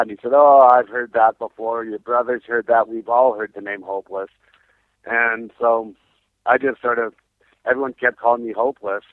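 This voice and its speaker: Brief: punk singer on the phone, chatty storyteller who laughs a lot, dry close sound over a tinny line. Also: male voice, on the low side, dry recording. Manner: animated storyteller, laughs often, acts out quotes. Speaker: punk band singer, interviewee. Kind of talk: phone interview, casual storytelling.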